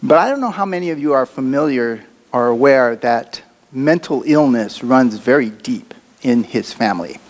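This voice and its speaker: A man's voice: medium pitch, lively intonation, normal speed. A man preaching a sermon as a pastor, talking in a conversational, reflective way with occasional fillers.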